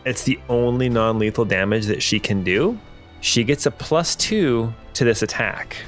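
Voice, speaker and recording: A man narrates a tabletop game as its game master. His voice sits at an ordinary pitch, and he thinks aloud, often stopping for an um or a restart. Faint music plays softly behind him. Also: expressive, measured pace.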